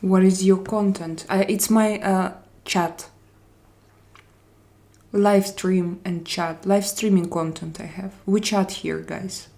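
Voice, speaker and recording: A woman's voice: mid-range voice, fairly even intonation, creaky, warm tone. A woman from Russia, hosting a casual live-stream chat and greeting viewers by name while switching between English, Spanish and French. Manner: unhurried, drawn-out phrasing.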